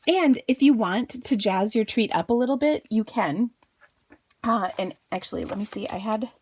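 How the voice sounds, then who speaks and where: A bubbly woman hosts a casual craft tutorial, chatting through each step with playful asides. Her medium-pitched voice leaps high whenever she gets excited. A faint hiss sits under the recording. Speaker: crafting channel host.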